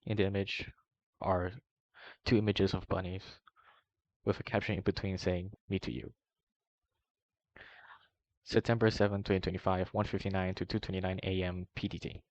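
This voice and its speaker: Deep, flat-voiced man reading aloud. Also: normal speed, pauses often, no room sound. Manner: steady reading with small slips and self-corrections. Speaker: reader of a document. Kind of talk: long read-aloud narration. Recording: dull, slightly muffled recording.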